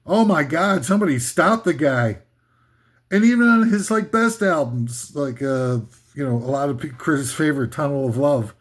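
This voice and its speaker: Male comic ranter, sarcastic and rambling, voice sitting a little high. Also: animated, moderate pace. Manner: scornful, rambling, sarcastic, with mock singing bits. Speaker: comedic ranter. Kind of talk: comedic rant.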